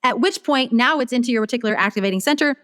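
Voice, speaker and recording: A woman's voice: on the high side, very fast, big-room sound. A woman guest on a casual interview, telling her story animatedly and acting out her own thoughts. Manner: animated, acts out her own inner dialogue. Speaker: guest business strategist.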